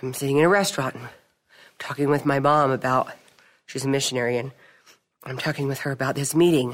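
A middle-aged woman sharing her testimony at a recovery meeting, telling stories in a chatty, animated way. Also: a bass voice, fairly quick, pauses often. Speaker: support group member.

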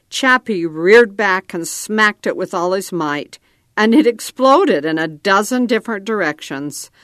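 A woman reads a story aloud in a calm, measured way. Her voice sits fairly low and moves slowly, and the recording is close and dry. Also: no echo. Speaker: narrator. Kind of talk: scripted narration.

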